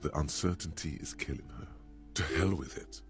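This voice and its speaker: A man voicing a sardonic, all-knowing inner-voice narrator in a game, with a gravelly voice and a slow, wry, knowing manner. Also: a bass voice. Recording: faint game music behind.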